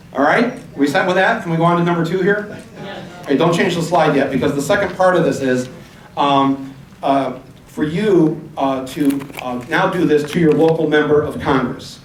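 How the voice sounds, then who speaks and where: A man hosting a live town hall, rambling and urging the audience, spelling out web addresses slowly. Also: on the high side. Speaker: event host. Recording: echoey hall from far off.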